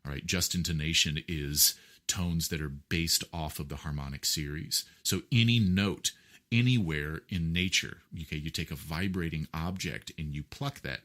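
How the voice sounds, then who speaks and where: Interview guest, man, very low voice, lecturing explainer with lots of fillers. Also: fairly bright tone. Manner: lecturing, with many fillers and rhetorical checks. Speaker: guest musician.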